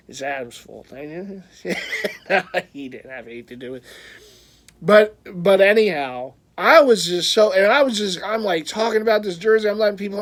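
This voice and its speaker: A man telling a story in a casual vlog, rambling, stumbling over his words, laughing often and getting loud when frustrated. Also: high voice, expressive, slow, long pauses. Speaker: vlogger, jersey collector.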